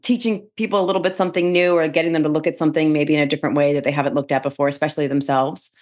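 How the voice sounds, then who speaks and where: A middle-aged woman with a notably low-pitched voice tells stories as a podcast guest. She talks in an animated, chatty way, laughing often and restarting her sentences. She is a real estate speaker and trainer from New Jersey. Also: racing. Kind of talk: casual interview chat.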